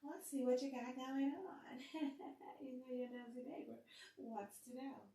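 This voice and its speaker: A woman's voice: sits high, fairly even intonation, normal speed, mellow, distant mic. Chatty woman reading tarot in a roomy space. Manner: chatty and playful, talks to the cards. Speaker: tarot reader. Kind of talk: casual tarot reading to camera. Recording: roomy sound, set back from the mic.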